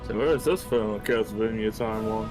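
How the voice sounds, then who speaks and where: A man's voice: on the low side, fairly quick, music in the background. A man making joking, wry asides while watching a game with friends. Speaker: co-commentator. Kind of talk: casual game chat.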